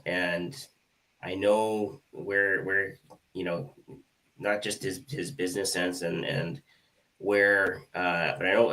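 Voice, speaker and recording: A man with a Canadian accent, co-hosting a live online hypnosis show, joking and then speaking earnestly and warmly about a colleague. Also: low-pitched. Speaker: co-host hypnotist. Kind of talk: casual live-stream chat. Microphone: video call mic set back from the speaker. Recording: distant mic.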